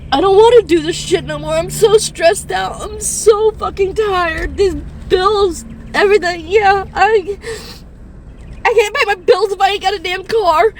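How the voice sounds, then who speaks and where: A woman in her fifties, crying and distressed, venting from her parked car with halting, swearing speech and nervous laughs, recorded on a phone. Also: extremely high pitch, a little hiss or hum. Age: 50s. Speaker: rideshare and delivery driver. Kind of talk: tearful venting video. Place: parked car in a fast-food parking lot.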